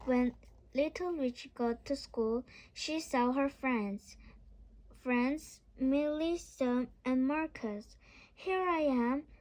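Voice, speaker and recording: Brief: woman narrator of a kids' book, high voice, slow, careful delivery. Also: a little mellow. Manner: careful, repeats words after slips. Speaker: storybook reader. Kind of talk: children's book read-aloud.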